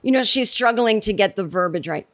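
A woman's voice: medium pitch, a little fast. A middle-aged American woman hosting her own podcast, rambling and sarcastic in casual solo commentary. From United States. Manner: rambling, animated, sarcastic asides. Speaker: podcast host.

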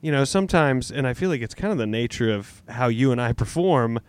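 A man's voice: mid-range voice, lively intonation, a little fast, smooth, no echo. A man, a comedian guest on a podcast, rambling and self-mocking, often laughing. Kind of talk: casual chat.

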